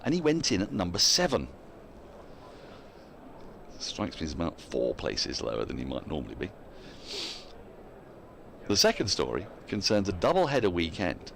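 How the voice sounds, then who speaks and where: A man's voice: sits low, creaky, a little hiss or hum. A man giving live cricket commentary in a chatty way, laughing often and reading out listener emails between the play.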